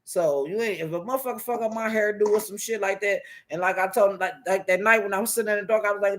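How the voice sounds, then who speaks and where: High-pitched and fast, he barely pauses as he rants about online streamers. This YouTube commentator from Washington DC tells animated, profanity-laced stories with lots of laughter and impersonates what other people said in changing voices.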